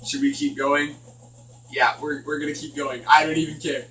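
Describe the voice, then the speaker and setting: A man's voice: on the high side, flat delivery, moderate pace, bright, forceful tone, recorded from a distance, a little hiss or hum. A man giving nervous, joking commentary while he plays a horror game. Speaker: gaming channel host. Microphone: distant from the mic. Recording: echoey room, voice off the mic.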